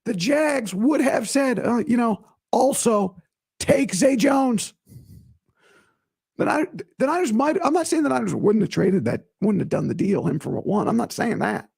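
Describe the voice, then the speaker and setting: A man's voice: extremely high pitch, fairly quick. A man hosting his own podcast in casual solo talk, his voice strained while it recovers, emphatic and repetitive when worked up. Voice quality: raspy, gravelly. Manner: animated, emphatic, repeats himself. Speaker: podcast host.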